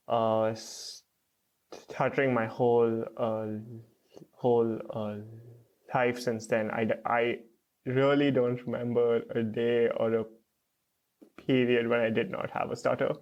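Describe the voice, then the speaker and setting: A young man, a podcast guest, speaking slowly and hesitantly with stutters, repeats and many fillers. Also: mid-range voice, steady tone, muffled recording. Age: young adult. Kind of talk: podcast interview.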